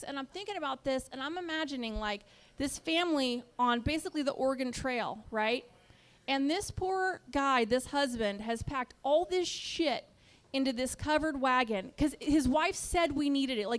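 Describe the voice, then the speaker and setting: A woman's voice: high-pitched, normal speed. A woman from Texas doing a stand-up comedy set in a comedy club, telling stories and acting out quoted voices on a handheld stage mic. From born in Texas, raised Midwest and Washington. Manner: storytelling, acts out quoted voices.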